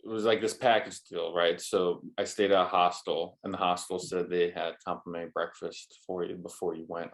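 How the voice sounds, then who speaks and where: A man's voice: low voice, flat delivery, a little fast, vocal fry, hardly any pauses. A man chatting casually, telling a rambling travel story with many fillers and restarts. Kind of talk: casual chat.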